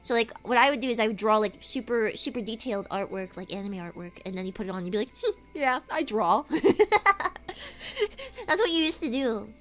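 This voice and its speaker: A woman's voice: mid-range voice, expressive, quick pace, few pauses, fairly bright tone. A woman streamer chatting casually, rambling through stories with lots of filler words. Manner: rambling, filler-heavy storytelling.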